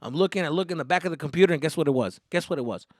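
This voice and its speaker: A man hosting a podcast, telling a story in a casual, animated way with heavy swearing. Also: fairly high pitch, racing, no echo, clean studio sound. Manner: animated, profane, lots of fillers. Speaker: podcast host.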